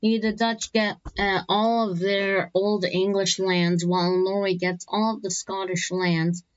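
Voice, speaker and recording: A woman's voice: mid-range voice, little pitch movement, clean tone, dull audio. A woman narrating a map video in casual, unscripted style, often stumbling and repeating words as she goes. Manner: halting, frequent restarts and repeated words.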